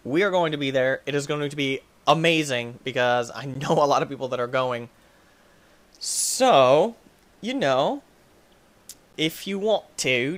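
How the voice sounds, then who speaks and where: A young man giving let's play commentary, excitable and quick to get frustrated, yelling at the game between chatty asides to viewers. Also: medium pitch. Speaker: gaming YouTuber.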